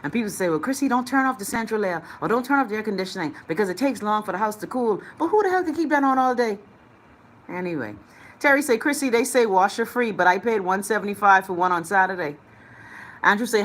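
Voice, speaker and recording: A woman's voice: mid-range voice, a little fast, a little hiss or hum. Sassy Bahamian woman reading comments. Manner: sassy, blunt, swears freely, laughs at comments. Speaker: host of a live chat show. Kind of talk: casual live-stream chat reading viewer comments.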